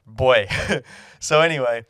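A young Australian man co-hosting a podcast in casual chat, telling stories with lively acted-out exclamations. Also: medium pitch, slow pace, no echo, studio quality. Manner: animated storytelling, acts out his own shouts. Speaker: podcast co-host.

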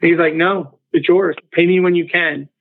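A man in his forties with a fairly high voice tells his own story as an interview guest. He slips into the voices of the people he quotes. The sound is narrow and tinny, like a remote phone line. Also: moderate pace, creaky. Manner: acts out quoted dialogue with a lively shift in tone. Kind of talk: casual personal storytelling.

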